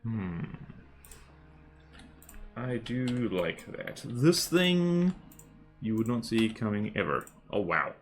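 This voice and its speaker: A man's voice: lowish voice, big pitch swings, slow, long pauses. A young adult man casually chatting while drawing on a livestream, playful, jokey and rambling.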